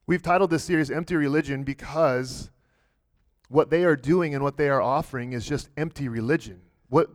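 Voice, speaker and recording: A man preaching a sermon in a church, earnest and direct, often restarting and repeating words as he builds a point. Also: medium pitch. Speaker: pastor.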